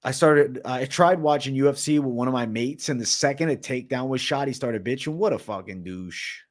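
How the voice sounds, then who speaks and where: This livestream host talks a little fast, his voice sitting at medium pitch. He's a Massachusetts native with a Boston accent who grew up in Florida, and he reads out the chat and replies with plenty of cursing and constant "bro"s.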